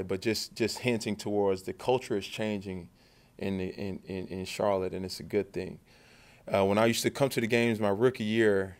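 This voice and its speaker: A man, a football quarterback, answering questions at a press conference in a loose conversational way, often repeating and restarting words. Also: fairly low pitch. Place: media session after practice.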